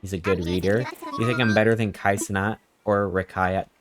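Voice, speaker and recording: A man's voice: fairly low pitch, fairly even intonation, a little fast, crowd noise. A young man streaming a game, chatting casually with viewers in a playful, rambling, joking way as he reacts to chat. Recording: game music playing behind the voice.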